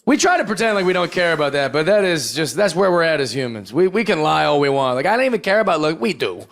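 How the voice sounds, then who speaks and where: A man doing a stand-up comedy set on a club stage, profane and animated, acting out the voices of others. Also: on the high side, quick pace, creaky. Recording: audience laughter throughout. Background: crowd laughing.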